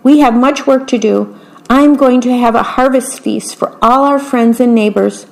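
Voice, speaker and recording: A woman reading aloud, voicing a kindly old witch woman in a raised, brisk voice. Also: fairly high pitch, vocal fry, rough recording. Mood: cheerful.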